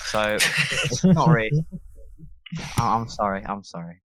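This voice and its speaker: A man's voice: lowish voice, lively intonation, moderate pace, fairly bright tone, dry recording. A man telling a story in casual chat, hesitant and leaning on "basically". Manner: hesitant, keeps saying "basically". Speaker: podcast guest.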